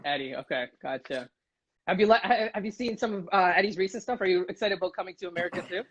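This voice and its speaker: A man's voice: high voice, fast, a bit bright, breathy edge. A man hosting an interview, chatting casually and enthusiastically, with lots of fillers and frequent laughter. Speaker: interviewer, host. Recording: dull, lo-fi sound.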